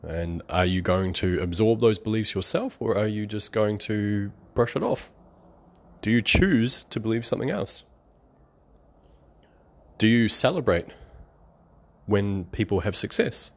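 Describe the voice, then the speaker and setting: Rambling low-voiced man. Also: lively intonation. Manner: rambling, conversational, sarcastic, quick to laugh. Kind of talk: motivational monologue.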